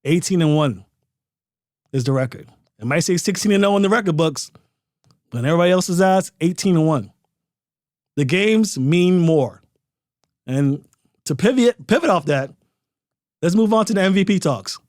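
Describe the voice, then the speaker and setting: A man with a somewhat high voice delivers opinionated football commentary, punching his points with emphasis and rhetorical questions. The sound is dry and close, with no room around it. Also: lively intonation, normal speed, long pauses, darkish tone, dry recording. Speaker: sports podcast host.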